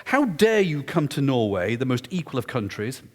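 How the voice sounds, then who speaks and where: A man retelling the words of an indignant Norwegian male scientist, slow and emphatic, in an echoey lecture hall. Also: mid-range voice, big pitch swings.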